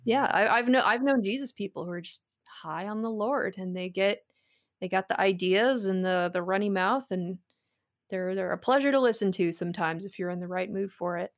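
A woman's voice: mid-range voice, normal speed. A woman co-hosting a podcast, talking at length in casual chat and laughing easily.

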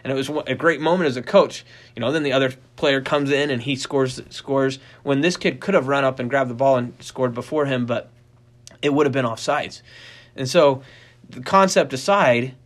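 A middle-aged man talks through dog training in a casual, animated way and keeps his voice in a middle pitch. He rambles and restarts his sentences with plenty of fillers. He tells stories as he teaches. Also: moderate pace. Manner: animated storyteller, acts out quoted voices in a high pitch. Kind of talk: casual instructional talk.

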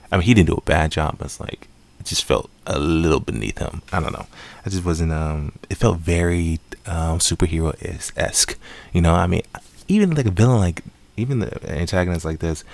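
A man's voice: sits low, vocal fry, a little mellow. A man giving a casual, rambling spoken movie review with many fillers and restarts. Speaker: film reviewer.

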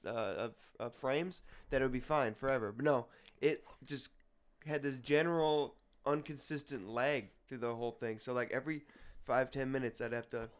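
A man's voice: mid-range voice, clean tone. A young man hosting a casual podcast, laid-back, laughing often and swearing freely. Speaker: podcast host.

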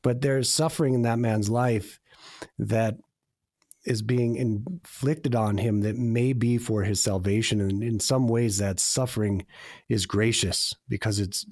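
Earnest low-voiced man, dry sound. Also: steady tone, a little slow, a little mellow, no room sound. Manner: earnest, confessional, repeats phrases for emphasis. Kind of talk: reflective faith talk.

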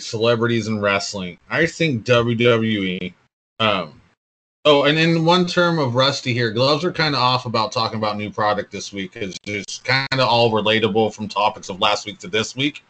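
Bright, blunt-talking man. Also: mid-range voice, animated, normal speed. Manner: blunt, profane, opinionated. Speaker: podcast co-host. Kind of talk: casual wrestling chat.

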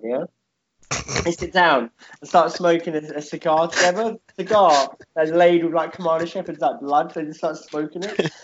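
A man's voice: a little high, highs cut off, a little hiss or hum. A man in casual chat, telling a rambling made-up fight story with lots of swearing and "yeah?" tags.

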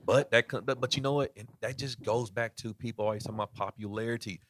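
A man's voice: medium pitch, fairly even intonation, fast talker, a bit bright, no room sound, clean studio sound. A man who created an awards show, speaking as a guest on a podcast and making emphatic points by counting them out. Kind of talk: casual podcast chat. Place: podcast studio in a cosmetics shop.

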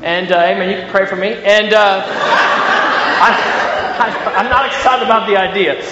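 A man in his late thirties from Ohio with a Midwestern country accent, preaching a sermon in a lively way with many fillers and repeated words. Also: sits high, measured pace, over a noisy crowd, heavy background noise. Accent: Ohio country American. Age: late 30s. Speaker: pastor. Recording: echoey hall, dull sound.

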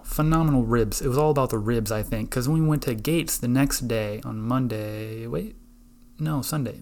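A man's voice: mid-range voice, gravelly, a little mellow. A man hosting his own podcast, telling rambling, profane stories in casual chat. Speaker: podcast host.

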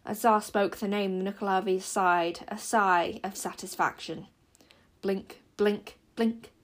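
A woman's voice: mid-range voice, steady tone, measured pace. A teenage girl hosting her own podcast, chatting briefly and then reading a chapter of a children's book aloud. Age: teens. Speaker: podcast host and storyteller.

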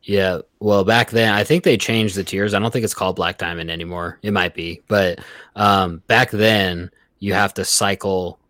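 A young man with a deep, low voice chats on a podcast, full of swearing and quick asides. He acts out what coworkers said as he tells the story. The sound is dry and close to the mic. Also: steady tone, a bit bright, no room sound. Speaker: podcast guest. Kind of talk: casual podcast chat.

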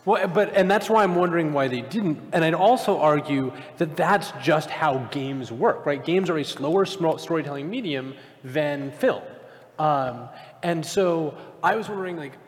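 A man's voice: a little high, moderate pace. A man hosting a live convention panel, probing the others with pointed questions. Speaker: podcast host moderating a panel. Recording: hall reverb from a live stage.

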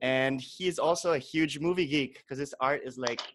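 A male podcast host opens his show in a loose, chatty way, dropping fillers and breaking into laughter. His voice sits at a middle pitch, and he talks to his guest over a webcam call. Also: moderate pace, fairly bright tone, slight background noise. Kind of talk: casual podcast chat.

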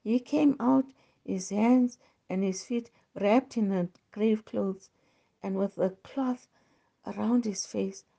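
A woman hosting a devotional, slowly reading Bible passages aloud with small stumbles. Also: medium pitch, creaky, warm tone. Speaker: devotional host. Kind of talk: slow scripture reading.

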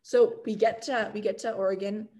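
A young woman from Canada telling stories in a casual interview, chatty and animated, full of "like" fillers and laughter. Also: mid-range voice, normal speed. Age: young adult. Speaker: guest, college football kicker.

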